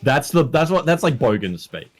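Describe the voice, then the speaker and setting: A man's voice: a little high, very animated, normal speed. An Australian man chatting as a podcast guest, blunt and rambling, swearing often, with a faint music bed behind. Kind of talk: casual chat.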